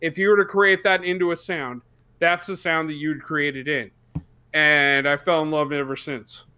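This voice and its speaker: A young man telling a profane, excitable story on a casual podcast, bursting into shouts for the quoted parts. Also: on the high side, moderate pace, clean tone. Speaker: podcast co-host.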